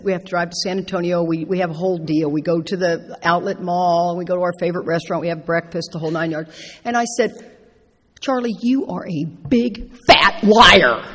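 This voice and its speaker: A middle-aged woman shares a personal story from the stage of a large convention hall. She talks in a lively, animated way, acting out what she said and laughing along. Her voice carries a long, echoing reverb. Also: lowish voice. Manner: animated, acts out her own quotes, laughs through the story. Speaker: speaker at a recovery convention.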